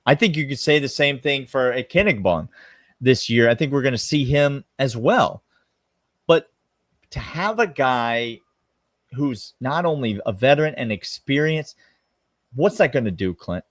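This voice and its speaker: A man co-hosting a sports podcast, talking with emphatic, animated energy. His pitch rises and falls a lot as he makes his points. The sound is close and dry, with no room echo. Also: unhurried. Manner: emphatic, animated, drawls "y'all". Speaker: podcast co-host. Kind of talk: casual sports talk.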